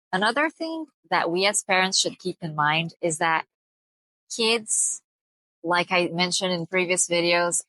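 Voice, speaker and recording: A young woman gives earnest parenting advice straight to the camera, explaining each point with care and slowing down to stress the key ones. Her voice is bright and clear, and it is recorded close and dry, with no room sound. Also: medium pitch, no echo, rough recording. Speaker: parenting vlogger.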